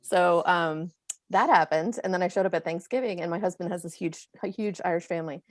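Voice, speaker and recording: A woman from Florida moderating a casual panel of authors, chatty and quick to laugh as she tells stories. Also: lowish voice, no echo, studio quality. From Florida, USA. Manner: chatty, laughing, animated storyteller.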